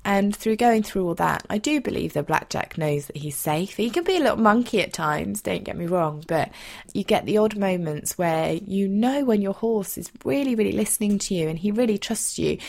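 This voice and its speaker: A woman's voice: medium pitch, animated, normal speed, creaky. Heartfelt woman telling a story. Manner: heartfelt, emotional, gentle. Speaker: podcast host. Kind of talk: personal storytelling monologue.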